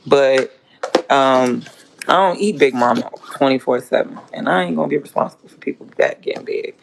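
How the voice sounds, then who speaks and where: A woman with a gravelly, creaky edge to her voice chats casually on a livestream while she cooks. She is blunt and profane and rambles from one point to the next. A faint hiss sits under her voice. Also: extremely low pitch, normal speed. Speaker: home cook and food vlogger.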